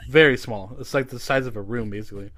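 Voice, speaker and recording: A man's voice: mid-range voice, fast, fairly bright tone, dry recording. Casual male podcast host, rambling storyteller, swears freely, dry close sound.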